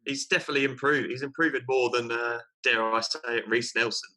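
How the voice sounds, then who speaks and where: A man's voice: mid-range voice, fairly even intonation, brisk, bright, forceful tone. A young man co-hosting a casual football chat, hesitant, repeating his words and laughing at himself. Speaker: podcast co-host.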